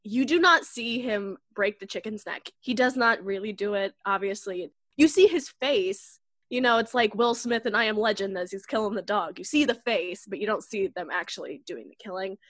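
A woman's voice: medium pitch, normal speed, a bit bright, dry recording, clean studio sound. A woman co-hosting a casual chat, blunt and swearing freely in her reactions. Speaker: podcast co-host.

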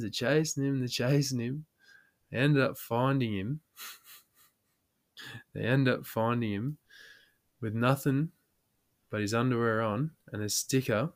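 An Australian podcast host with a medium-pitched, fairly bright voice casually tells a rowdy pub story. He swears and laughs as he acts out the people in it, doing their voices.

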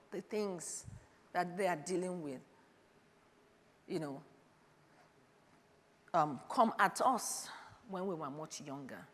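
A woman in her fifties preaching a sermon, calling out to her listeners and swinging between loud urging and quiet reflection. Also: lowish voice, unhurried, pauses often. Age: 50s. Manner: calls out "Hello?" to the congregation, swings from loud to quiet. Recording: long hall reverb.

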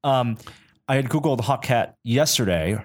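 A man's voice: mid-range voice, expressive, measured pace. A man co-hosting a podcast, telling a long rambling story in casual chat and acting out the quotes, with frequent restarts. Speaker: podcast co-host.

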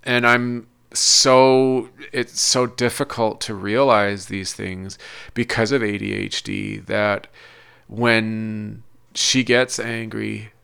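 Man, gravelly with a bright edge, hesitant confessional vlog. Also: fairly low pitch, flat delivery. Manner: hesitant, halting, searching for words. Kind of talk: personal confessional monologue.

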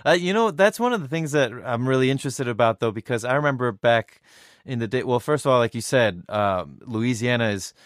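A man hosting a podcast rambles casually with many fillers and frequent laughs. His voice is mid-pitched and recorded dry and close, with no room sound. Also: animated, a little fast, no room sound. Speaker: podcast host. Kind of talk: casual interview chat.

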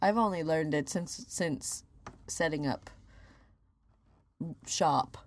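A woman co-hosting a comedy podcast in easy back-and-forth chat. Her voice sits on the lower side for a woman. She plays along with mock-naive, silly jokes. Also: slow. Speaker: podcast co-host.

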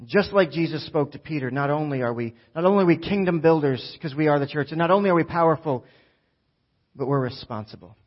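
A man's voice: a little high, brisk, muffled recording. A middle-aged man preaching a sermon as pastor, passionate and building through repeated phrases. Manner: impassioned, repetitive preaching builds.

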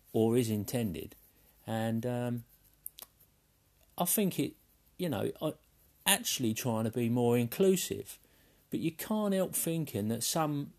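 Gravelly man leaving a chatty voicemail. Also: medium pitch, a bit bright. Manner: easygoing, chatty, hesitant restarts. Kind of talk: casual voicemail message.

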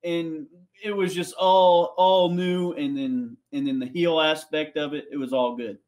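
A man co-hosting a wrestling podcast, talking excitedly with quick restarts in casual chat. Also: a little high.

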